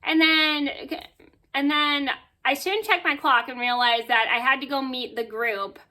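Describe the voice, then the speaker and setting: Bright-voiced chatty woman vlogger. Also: high voice, a little slow. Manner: chatty and animated, with fillers and "blah blah". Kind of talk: casual storytelling to camera.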